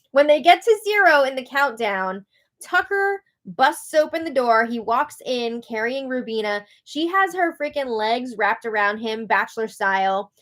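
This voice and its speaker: A somewhat high-voiced woman hosts a live recap in a casual, chatty way. She is sarcastic and laughs often, her volume jumping from loud outbursts to hushed, conspiratorial asides. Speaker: host.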